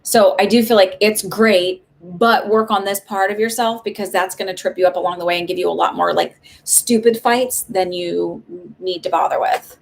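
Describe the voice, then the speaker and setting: A woman's voice: medium pitch, steady tone, normal speed, vocal fry. A woman giving casual psychic readings on a live stream, chatty and reassuring, with many likes and ums.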